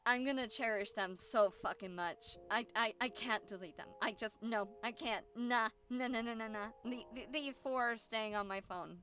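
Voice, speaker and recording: High, bright-voiced excitable woman streamer. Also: normal speed, hardly any pauses, muffled recording. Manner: excitable, giggly, rambling, swears a lot. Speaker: VTuber streamer. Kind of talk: casual stream chat.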